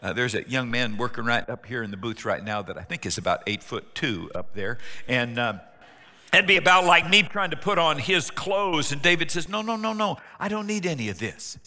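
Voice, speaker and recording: A man's voice: medium pitch, moderate pace. A man preaching a sermon in a church, telling the story with jokes and playful asides. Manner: animated, joking storyteller. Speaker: pastor. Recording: long hall reverb.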